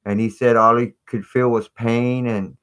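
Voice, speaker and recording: A man's voice: medium pitch, level tone, a little slow, a bit bright, clean tone. Casual male live-stream host, middle-aged, rambling conspiratorial chat.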